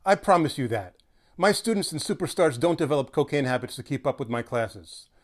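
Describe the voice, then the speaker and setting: A man voicing a brash, cigar-chomping woman astrologer who talks gruff and blunt. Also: fairly high pitch, animated, fairly quick.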